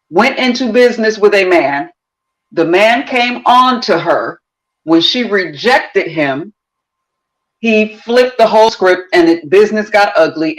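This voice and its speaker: A middle-aged woman co-hosting a casual chat, telling a story in an animated way. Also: mid-range voice, rough recording.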